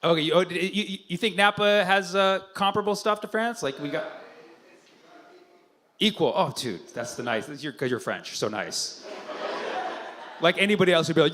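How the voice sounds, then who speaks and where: A man doing stand-up crowd work, teasing and profane in quick banter with the audience. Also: high voice, expressive, sharp tone. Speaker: stand-up comedian. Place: comedy club stage.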